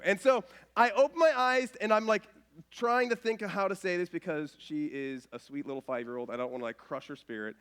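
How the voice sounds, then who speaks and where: A man in his thirties preaching a casual, self-mocking sermon with stories, dropping to a soft voice when quoting others. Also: high-pitched, fairly quick, clear, resonant tone. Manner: animated, self-mocking, drops to soft voice for quotes. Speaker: pastor. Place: church stage.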